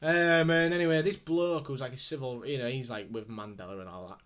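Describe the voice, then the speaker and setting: A man's voice: mid-range voice, brisk, a bit bright. A man co-hosting a podcast, reviewing a film in rambling casual chat full of fillers. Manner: rambling, filler-heavy, swears mildly. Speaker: podcast co-host.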